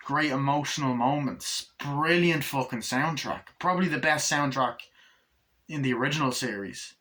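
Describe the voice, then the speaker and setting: Bright-voiced man rambling about a movie. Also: medium pitch, normal speed. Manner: rambling, heavy filler words and cursing. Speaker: movie reviewer. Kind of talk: casual plot recap and review.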